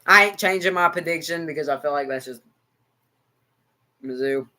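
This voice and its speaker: A man's voice: fairly high pitch, normal speed, sharp tone. A man with an American country accent giving rambling, repetitive live football reaction and talking to his chat. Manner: rambling, repeats himself, talks to chat. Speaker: livestream sports reactor.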